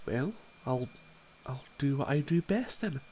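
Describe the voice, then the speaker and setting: A man playing a tabletop game, talking in a relaxed, joking way. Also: mid-range voice, a little slow, slight background noise. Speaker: player. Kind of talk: casual chat and in-game narration.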